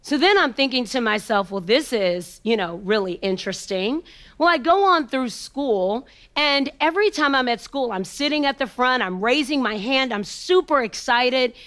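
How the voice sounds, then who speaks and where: A woman speaker telling a personal story with an emphatic, repetitive rhythm and dramatic pauses, sometimes sinking to a hushed near-whisper. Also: high voice, expressive. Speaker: motivational speaker.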